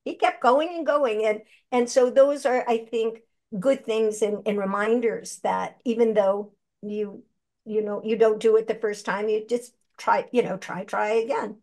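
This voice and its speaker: Older lady actress chatting away, kinda high voice, acts stuff out. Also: unhurried. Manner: animated, chatty storyteller who acts out quotes. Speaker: guest, actress and voice actor. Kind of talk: conversational interview.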